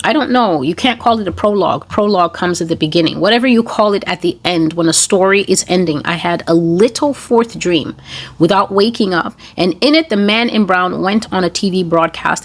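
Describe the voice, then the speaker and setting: A woman in the middle range of pitch tells her dreams as prophecy. She talks slowly and deliberately, with pauses and small detours. She keeps an earnest, even narrating tone throughout. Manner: slow, deliberate, rambling storytelling. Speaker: online broadcaster.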